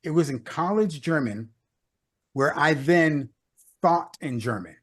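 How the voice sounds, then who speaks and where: A man's voice: a little high, lively intonation, slow, a bit bright. Middle-aged man telling a story. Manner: anecdotal, repeats words, many "uh" and "you know". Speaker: leadership consultant, guest. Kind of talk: casual interview storytelling.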